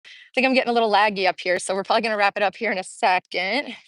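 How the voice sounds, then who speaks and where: This middle-aged vlogger talks rapid-fire in a medium-pitched, fairly bright voice while livestreaming from her phone on an outdoor town street. She keeps up upbeat, casual chat as she walks, slightly out of breath. The recording is dry and low quality.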